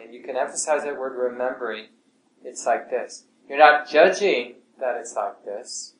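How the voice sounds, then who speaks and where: A man teaching a meditation class in a calm, gentle way, his voice often sinking soft and low. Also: slight background noise. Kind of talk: relaxed meditation class talk. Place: class room with students. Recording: echoey room, faint ambience.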